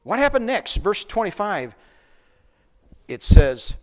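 A man's voice: high voice, very animated, slow pace, pauses often. A man preaching a sermon, often asking the congregation questions and answering them. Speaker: pastor. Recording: long reverb of a large hall.

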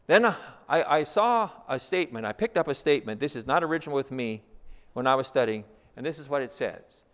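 A man preaching a sermon as pastor, repeating key lines and asking rhetorical questions, swinging between loud emphasis and hushed asides. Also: medium pitch, expressive, a little fast. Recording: long reverb of a large hall.

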